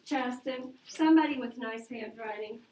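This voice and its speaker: High-pitched lady teacher running a math class, quick, keeps asking the kids questions. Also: warm tone, slight background noise. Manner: brisk, coaxing questions to the class. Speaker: elementary school teacher.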